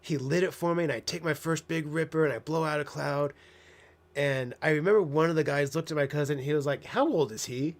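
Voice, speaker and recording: Guy rambling thru a story, swears a lot, kinda sarcastic, voice a bit on the high side. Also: fairly even intonation, fast talker. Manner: candid, profane, rambling with sarcastic asides. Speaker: host. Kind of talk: casual storytelling monologue.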